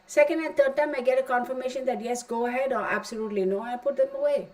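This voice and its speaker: A woman's voice: sits high, fairly even intonation, quick pace, a little mellow, poor audio. Chatty, emphatic woman tarot teacher. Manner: chatty and rambling, emphatic asides. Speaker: tarot reader teaching a class. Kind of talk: casual spoken class.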